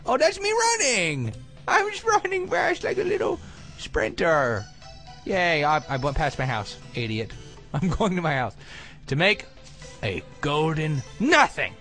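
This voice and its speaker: A man hosting a let's play, giving goofy, excitable, self-mocking gameplay commentary. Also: mid-range voice.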